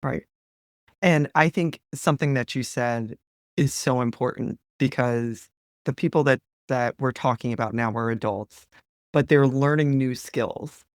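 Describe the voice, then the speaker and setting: A woman's voice: a bass voice, a little slow, no room sound, studio quality. Thoughtful woman hosting a podcast. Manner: thoughtful, affirming, asks long questions. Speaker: podcast host. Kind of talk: podcast interview.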